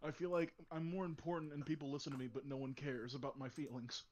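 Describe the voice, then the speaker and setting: A man calling in to a casual podcast stream, joking in a deadpan, mock-dramatic way. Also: on the high side, fast talker, slight background noise. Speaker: remote podcast guest. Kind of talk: casual livestream podcast chat.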